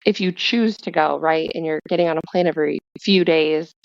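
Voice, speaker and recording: A woman guest in a casual podcast chat, telling stories with lively asides. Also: low voice, fairly quick, vocal fry, no room sound. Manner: chatty storyteller, lively asides. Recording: dull, dry lo-fi sound.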